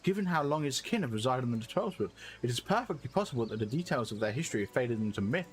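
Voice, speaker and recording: A man's voice: medium pitch, lively intonation, fast, soft background music, close to an everyday voice. A man voicing an earnest young male scholar, speaking in formal, archaic phrasing.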